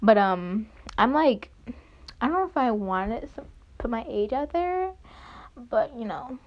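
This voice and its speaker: A woman's voice: fairly high pitch, animated, unhurried. A young woman hosting a casual solo podcast, rambling with many fillers and restarts. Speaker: podcast host. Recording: dull lo-fi home recording.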